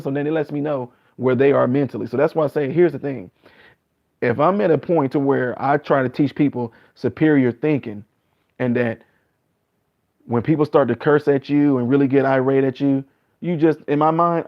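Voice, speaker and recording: A man in his late thirties talks earnestly to his live-stream viewers, mid-pitched and casual, circling back to the same point again and again. The stream audio sounds a little muffled and lo-fi. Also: fairly quick. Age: 30s. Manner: earnest, repetitive, acts out other people's replies in a higher voice.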